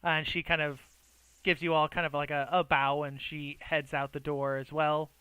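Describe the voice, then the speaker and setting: A man running a tabletop game as game master, narrating in a relaxed way with many small hesitations. His voice is bright and clear, he talks slowly, and the sound is dry and close. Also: on the high side, no echo, rough recording.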